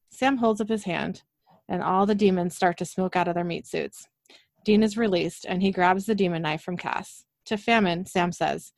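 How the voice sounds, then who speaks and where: A woman's voice: on the low side, normal speed, vocal fry, darkish tone, no room sound. Woman recapping an episode, dry sound. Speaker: podcast co-host.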